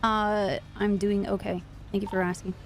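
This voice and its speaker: A woman streamer role-playing a police officer in casual chat. She laughs often and sometimes slips into a flat, sing-song robotic tone. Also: mid-range voice, normal speed, slight background noise. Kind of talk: in-character role-play chat.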